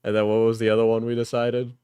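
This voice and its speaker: A man's voice: medium pitch, monotone, fast talker, dark tone, clean tone, no room sound, clean studio sound. A male streamer chatting and joking with viewers during a live stream, laughing often. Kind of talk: live stream reaction chat.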